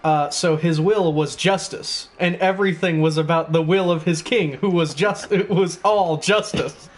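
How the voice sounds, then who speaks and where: A man's voice: fairly high pitch, moderate pace, a little hiss or hum. A man running a tabletop game as game master, chatting casually and laughing often.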